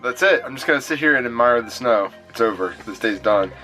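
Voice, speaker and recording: A man vlogging straight to camera in a chatty, easygoing way. His voice sits at a middling pitch, and he talks loosely with quick apologetic asides. Faint music plays softly underneath. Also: expressive. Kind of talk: casual vlog talk to camera.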